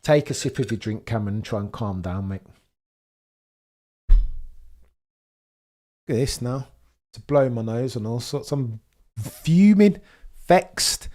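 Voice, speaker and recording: A young man giving a live watch-along commentary of a race, theatrical and wordy, swinging between grumbling and excited outbursts. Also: medium pitch, unhurried, pauses often.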